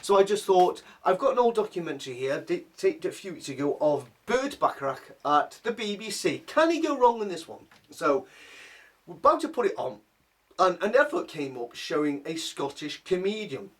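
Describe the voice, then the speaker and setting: Chatty middle-aged man telling a story, high and lively. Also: normal speed, recorded from a distance. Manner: chatty, animated, lots of restarts and asides. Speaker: vlogger. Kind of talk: casual personal storytelling.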